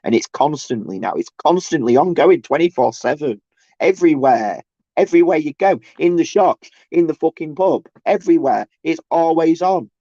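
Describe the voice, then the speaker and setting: A man, ranting on a casual livestream, halting and restarting often and mocking others in sarcastic bursts. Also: on the high side, expressive, warm tone, no room sound. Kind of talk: rambling casual livestream rant. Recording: dull lo-fi dry sound.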